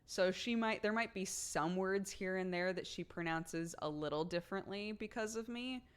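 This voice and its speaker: An American woman streamer chatting casually with her viewers, chatty and quick to laugh, with lots of "like" fillers. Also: medium pitch, clear, resonant tone. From United States.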